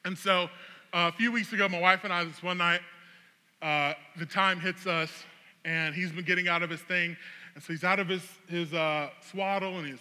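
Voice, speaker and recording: A man, a pastor, telling a funny, animated story as a sermon illustration. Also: high-pitched, normal speed. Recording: long reverb of a large hall.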